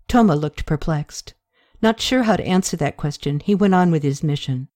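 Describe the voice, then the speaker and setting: A woman narrating an audiobook in a steady, even storytelling manner. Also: low voice, moderate pace.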